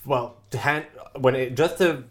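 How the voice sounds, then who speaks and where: A man who is a guest on a casual podcast chat and talks in a relaxed, chatty way with short agreeing replies. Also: medium pitch, measured pace.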